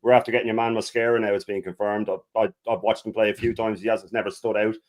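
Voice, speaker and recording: Quick, low-voiced man. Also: little pitch movement, a little mellow. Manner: quick, dismissive, matter-of-fact. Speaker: panel guest. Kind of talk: football fan panel talk.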